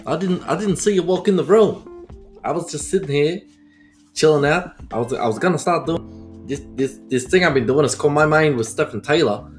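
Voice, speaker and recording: A man doing a put-on Italian American accent as a loud, stammering, overexcited character in a podcast intro. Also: medium pitch, lively intonation, moderate pace, hardly any pauses, soft background music, pitched above the performer's own voice, lightly acted. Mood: brash, excited. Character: exaggerated Italian American man, brash and chatty.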